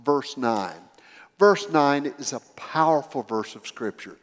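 Preacher in a reverberant hall. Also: male voice, medium pitch, animated, unhurried. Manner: storytelling with acted dialogue, emphatic swells. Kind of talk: sermon.

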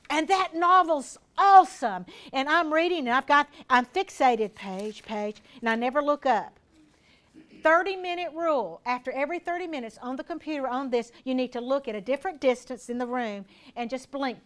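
A woman's voice: high voice, a bit bright. Folksy woman giving a health talk. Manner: folksy and conversational, asks the audience questions. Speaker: health educator speaking to a seniors group. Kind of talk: informal health talk to a live audience.

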